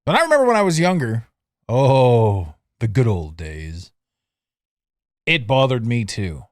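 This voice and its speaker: A middle-aged man hosting a solo podcast, chatting casually and mocking himself, with sudden loud bursts and low asides. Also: unhurried, no echo, clean studio sound. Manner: animated, swings between loud outbursts and low asides; self-mocking, laughs at himself. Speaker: podcast host. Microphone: studio mic, audio only.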